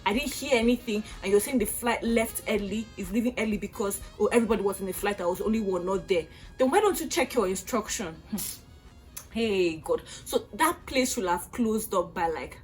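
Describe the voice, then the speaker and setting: Woman, Nigerian accent, young adult, storytime vlog, exasperated, animated, faint background music. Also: mid-range voice, brisk. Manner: animated, exasperated retelling with acted-out outbursts. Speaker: vlogger.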